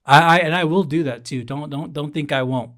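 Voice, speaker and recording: A man's voice: on the high side, brisk, fairly bright tone. A man hosting his own podcast, delivering a sardonic, exasperated solo monologue, swearing often and repeating lines for emphasis. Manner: sardonic, exasperated rants with mock-pleading asides. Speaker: podcast host.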